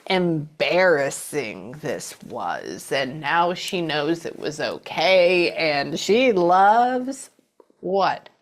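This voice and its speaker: A woman's voice: deep voice, very animated, extremely slow. A woman working as a medium, chattily relaying messages during a reading. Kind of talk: psychic reading session.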